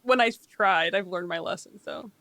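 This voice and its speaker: A woman chatting casually as a guest, with quick reactions and laughing asides. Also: on the low side, bright, forceful tone, dry recording. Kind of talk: casual conversation.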